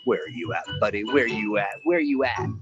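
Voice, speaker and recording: Over a remote call with music behind him, a man co-hosting a livestream chat show cracks jokes and reads viewers' messages aloud. His voice sits on the low side, he talks fairly quickly, and the sound is lo-fi.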